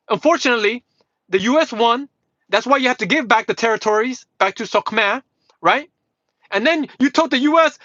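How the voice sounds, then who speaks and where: A man's voice: extremely high pitch, sharp tone, no echo. A man livestreaming a heated, combative rant to his chat, swearing constantly, mocking and repeating himself. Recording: dull lo-fi livestream audio.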